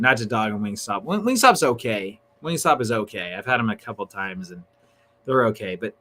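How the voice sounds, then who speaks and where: A man hosting a casual livestream, chatting excitedly and tossing in slang like "dude" and "bro". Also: lowish voice. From Northern California. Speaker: livestream host.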